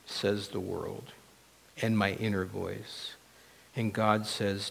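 A man's voice: lowish voice, flat delivery, slow, creaky, long reverb tail. A male pastor preaching a sermon in a church, earnest and emphatic.

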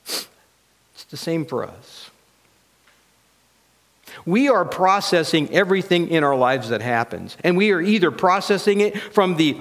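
A pastor in a church preaching with earnest emphasis, his voice on the higher side. A long reverb rings behind his words. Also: animated, measured pace, long pauses, fairly bright tone. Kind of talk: sermon.

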